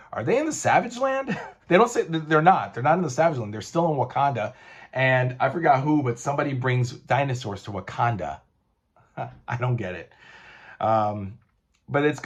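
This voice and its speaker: A man's voice: medium pitch, husky. A man casually reviewing a comic book collection, rambling and swearing, with many fillers and restarts.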